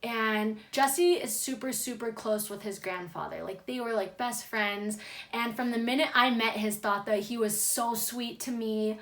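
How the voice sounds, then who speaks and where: A young woman's fairly high voice, relaxed and conversational. She tells a personal story to her viewers in a loose, chatty way and scatters "like" through almost every sentence. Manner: chatty, heavy use of "like" fillers. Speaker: vlogger. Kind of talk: casual storytelling.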